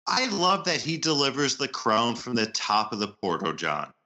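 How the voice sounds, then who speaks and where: A man's voice: medium pitch, big pitch swings, normal speed, pushed and bright, low-quality recording. A man co-hosting a podcast, chatting enthusiastically in a casual way. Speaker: podcast co-host. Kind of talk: casual chat.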